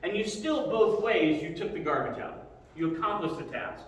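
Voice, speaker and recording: A man's voice: high voice, expressive, moderate pace. Man teaching in an echoey hall. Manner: conversational, says "right?" often. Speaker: Sunday school teacher. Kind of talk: casual Bible lesson. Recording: echoey hall, mic far off.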